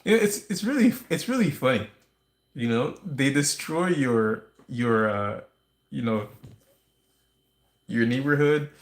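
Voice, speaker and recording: A man's voice: medium pitch, lively intonation, slow, pauses often. A man hosting a livestream, talking in a rambling, conspiratorial monologue with restarts and wry asides. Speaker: livestream host. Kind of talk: casual ranting monologue. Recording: roomy echo.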